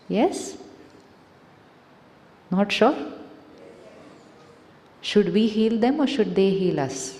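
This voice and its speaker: A woman speaks with an Indian English accent in a soft, mellow voice, addressing a live audience in a large conference hall. She asks her listeners questions and slips into Hindi as she talks. The sound rings with the long, echoey reverb of a big hall. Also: mid-range voice, takes it slowly, long pauses. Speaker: spiritual speaker. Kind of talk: inspirational talk to a live audience.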